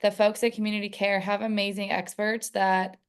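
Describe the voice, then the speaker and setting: A woman's voice: medium pitch, little pitch movement, normal speed, clear, resonant tone. A woman hosting a webinar who politely wraps up the session and points listeners to more information. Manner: polite, orderly wrap-up. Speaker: event host. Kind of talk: closing a webinar.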